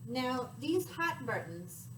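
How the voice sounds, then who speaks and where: A woman family advocate presenting a scripted session, measured and inviting listeners to reflect. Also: high voice, very animated. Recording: roomy distant mic with background noise.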